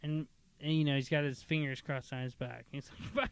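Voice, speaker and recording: Podcast host, male, casual rambling storyteller who slips into character voices; voice sits a little high and sounds smooth and clear. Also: fairly even intonation, dry recording. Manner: rambling, acts out characters in quick bursts. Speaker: podcast host pitching movie ideas.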